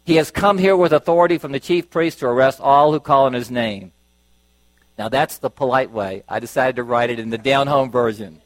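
A man's voice: medium pitch, a little fast, no echo, low-quality recording. A middle-aged man preaching a sermon, telling stories and acting out voices as he goes. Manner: storytelling, acting out voices with lively shifts.

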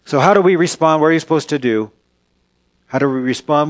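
Male pastor, mid-pitched, emphatic sermon delivery with shifting pace. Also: fast talker. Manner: earnest, emphatic, varies pace for effect. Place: church sanctuary.

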